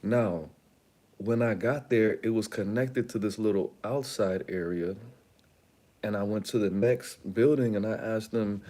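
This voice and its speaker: A man's voice: fairly low pitch, a little slow, warm tone. A man hosting his own channel, telling a long story in a rambling, slangy, casual way with lots of asides. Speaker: channel host.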